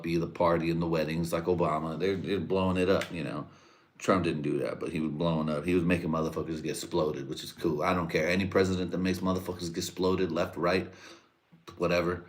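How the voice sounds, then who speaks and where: Very deep-voiced man ranting crudely. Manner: rambling, crude, laughs at own jokes. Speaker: livestream host. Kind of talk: casual profane livestream rant.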